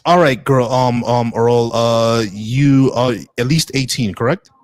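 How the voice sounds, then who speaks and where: A man hosting a live call-in debate stream, blunt and halting, often repeating words as he restarts. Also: medium pitch, fairly even intonation, noisy background.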